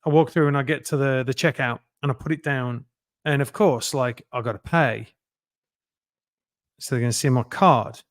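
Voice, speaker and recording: A middle-aged man, a guest telling lively anecdotes and acting out other people's lines in a casual interview. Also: medium pitch, normal speed, dry recording, studio quality. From England.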